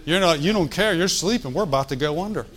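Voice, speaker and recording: A man's voice: a little high, expressive, fast, fairly bright tone. A man preaching a sermon in a conversational, folksy way, with joking asides and calls for the congregation to answer. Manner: asks the congregation for responses.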